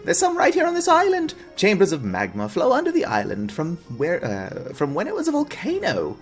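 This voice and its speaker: Brief: fussy old lady gardener NPC, chirpy and shrill, voiced by a man. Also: normal speed, faint music behind. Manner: high, chirpy and excitable. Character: cheerful old woman gardener, eager and fussy.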